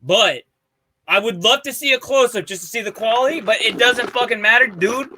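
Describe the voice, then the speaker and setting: A man's voice: very high-pitched, fairly quick, pushed and bright. A man co-hosting a podcast, telling a story in loose, profane, enthusiastic casual chat. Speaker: podcast co-host presenting a segment.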